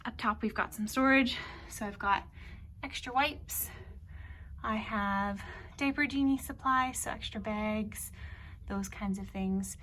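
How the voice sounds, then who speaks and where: Young woman, mid-pitched, breathy and short of breath, chatty walkthrough delivery, faint background hiss. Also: slow pace, fairly bright tone. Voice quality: breathy, half-whispered at times. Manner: chatty, explaining as she goes. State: out of breath, pregnant. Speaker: vlogger. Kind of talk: casual room-tour walkthrough. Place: indoors in a child's bedroom.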